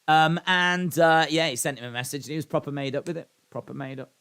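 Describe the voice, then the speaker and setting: A man hosts a live watch-along stream, reading chat messages and answering them in a loose, rambling way. His voice is bright and forward, and he pokes fun at himself. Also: on the high side, steady tone, fast talker, few pauses, clean tone. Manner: rambling, self-deprecating.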